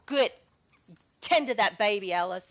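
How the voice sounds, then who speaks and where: A woman's voice: medium pitch, lively intonation, a little slow, a bit bright. A woman with an Australian accent voicing a drunk, boastful bushranger man who rambles and repeats himself. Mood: drunk, jovial. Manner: slurred, rambling, repetitive.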